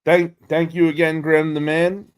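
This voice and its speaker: A man with a New York accent hosting a casual live stream, excitable and swearing freely as he greets viewers. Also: on the high side, normal speed, clean tone.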